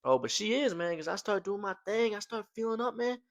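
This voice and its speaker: Young male storytelling vlogger, animated slangy delivery, dry close sound. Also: sits high, brisk, no echo. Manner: slangy, animated, fillers like "man" and "right?". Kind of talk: casual storytelling to camera.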